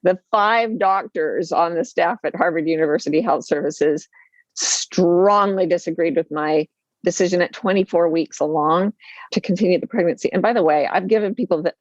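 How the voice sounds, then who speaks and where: A woman, an author and life coach, telling personal stories with lively, self-deprecating humor and acting out the voices she quotes. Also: on the low side, dry recording, dull audio. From Utah, USA. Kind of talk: candid storytelling interview.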